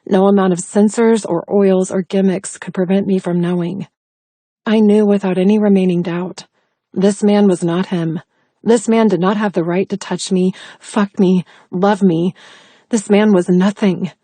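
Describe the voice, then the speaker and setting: A woman reads an audiobook aloud in the first person, close and intimate. Her voice is mellow and a little husky. The recording is dry with no room sound. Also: medium pitch, steady tone, unhurried, no echo. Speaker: audiobook narrator.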